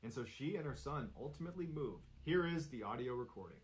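A man narrating an eerie true story in a steady, suspenseful, detailed way. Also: medium pitch, fairly quick, rough recording.

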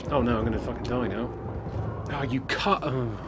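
Swearing, jokey gamer. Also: male voice, mid-range voice, moderate pace, very noisy. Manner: jokey, sarcastic, swears a lot. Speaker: streamer. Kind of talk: live gameplay commentary.

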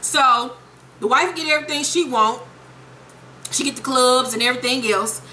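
A young woman recapping a TV episode in a casual vlog, sassy, profane and animated. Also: sits high, normal speed, a little hiss or hum, poor audio. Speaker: TV show reviewer.

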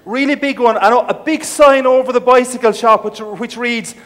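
A man's voice: very high voice, fairly even intonation, normal speed, a bit bright. A middle-aged man with an Irish accent giving a comic keynote speech, a playful storyteller full of jokey asides. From Ireland. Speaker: keynote speaker. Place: large conference hall. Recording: long reverb of a large hall.

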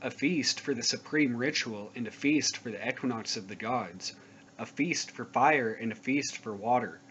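A man's voice: mid-range voice, moderate pace, fairly bright tone. Man reading scripture in a grave, declamatory voice. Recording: dull lo-fi recording with faint noise.

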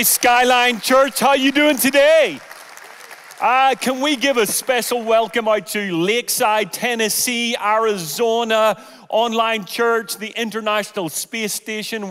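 A middle-aged Irish man preaching a sermon in a big church auditorium, his voice pitched high for a man. He is animated and full of jokes as he warms up the congregation. A long hall reverb hangs on every line. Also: clear, resonant tone. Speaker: guest pastor.

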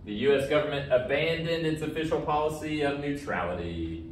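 A man's voice: on the high side, brisk. A male history teacher talking casually through practice exam questions, with a joking, sarcastic streak. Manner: casual and jokey, self-described as sarcastic. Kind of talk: recorded lesson walking through practice questions. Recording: roomy echo, distant from the mic, faint background noise.

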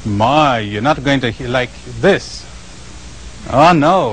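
A man giving a spiritual lecture to a live audience, animated and questioning, often asking the listeners questions and acting out the voices of the people he describes. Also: on the high side, a little slow, slight background noise, rough recording. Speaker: spiritual teacher.

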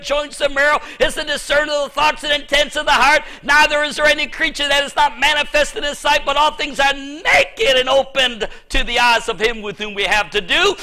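A middle-aged male pastor preaching a sermon in church, emphatic, with sudden shouted bursts. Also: very high voice.

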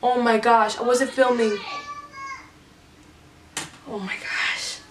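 A middle-aged woman with a slightly high voice rambles playfully through a casual makeup tutorial, often trailing off and starting over. She sounds set back from the microphone, and her voice rings in a roomy space over faint background noise. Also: flat delivery. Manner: halting, rambling and playful, with many restarts. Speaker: mother doing a makeup challenge. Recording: roomy echo, a little distant from the mic, faint background noise.

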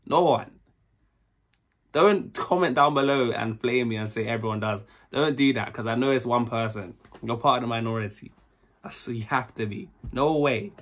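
A man's voice: medium pitch, normal speed, a bit bright. A young man from the United Kingdom hosting a reaction video, talking in a chatty, rambling way with plenty of filler words. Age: young adult. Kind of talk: casual reaction commentary.

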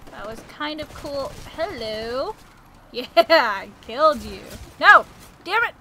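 A woman hosts a gaming channel and talks through her match in a high, bright voice. Her commentary is casual and jokey, and she yelps whenever danger comes close, though her delivery stays unhurried. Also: lively intonation, a little hiss or hum.

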